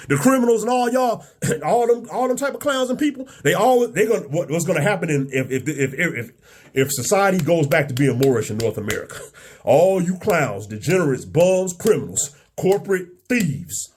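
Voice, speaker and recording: A man's voice: a little high, slightly rough. A man giving a live-streamed rant in a mocking, combative way, laughing between phrases and repeating himself often. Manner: repeats "you know what I'm saying" often. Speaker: online commentator. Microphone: remote live stream.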